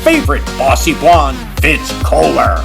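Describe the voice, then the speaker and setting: A woman's voice: low voice, huge pitch swings, measured pace. A woman reading a scripted show intro in a sing-song promotional delivery. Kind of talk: scripted intro over music. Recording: hip hop music behind.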